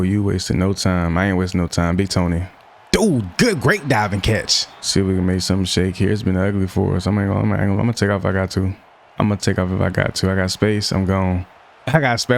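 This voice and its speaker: A man's voice: low voice, a little hiss or hum. Frustrated young man commentating his gameplay. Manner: frustrated, venting, exclaims at plays. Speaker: gaming YouTuber.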